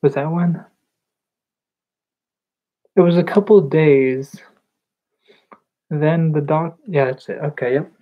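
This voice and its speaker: A young woman telling a personal story in a vlog, hesitant and halting, with nervous laughs. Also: sits low. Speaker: vlogger. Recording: slightly dull lo-fi recording.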